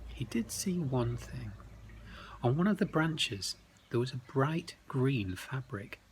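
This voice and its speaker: A man telling a bedtime story, slow and expressive, often dropping to hushed tones. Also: mid-range voice, a little hiss or hum, low-quality recording.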